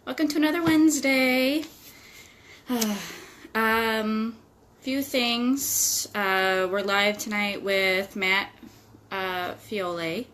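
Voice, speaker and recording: A woman co-hosting a live online paranormal show, talking slowly with a giggly, unhurried manner. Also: on the high side, fairly even intonation, a bit bright, a little hiss or hum. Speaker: co-host. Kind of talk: casual live-stream chat. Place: apartment.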